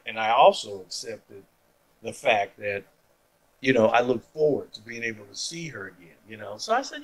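A man's voice: mid-range voice, bright, forceful tone, rough recording. A man giving a personal faith testimony as a story, acting out the people he quotes. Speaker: testimony speaker.

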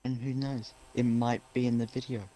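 A man's voice: mid-range voice, level tone, moderate pace, mellow, rough recording. A man chatting casually as a co-player during a racing game, dry and teasing. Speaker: co-player in party chat. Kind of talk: casual gaming chat.

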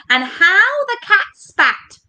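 A woman's voice: high voice, lo-fi sound, background noise. A woman with an English accent leading an interactive storybook reading for children, coaxing them to join in. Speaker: education workshop leader. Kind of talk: interactive read-aloud for children. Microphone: home recording for online workshop.

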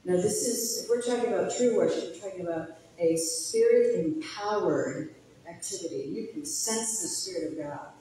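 A woman's voice: fairly low pitch, normal speed, warm tone, slight background noise. Woman pastor preaching, earnest and personal, big echoey church hall, kinda distant. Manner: earnest, personal, laughs at herself. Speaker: guest pastor. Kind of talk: conference sermon.

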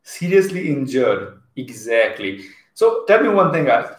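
A man's voice: mid-range voice, very animated, measured pace. A man with an Indian English accent teaching a live online English class, chatting and reading out viewers' comments as he goes. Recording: echoey room.

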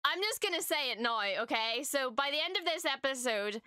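A woman's voice: sits high, lively intonation, brisk, sharp tone, no room sound, studio quality. A woman hosting a reaction video, talking through a show in casual, emotional commentary with frequent exclamations and swearing.

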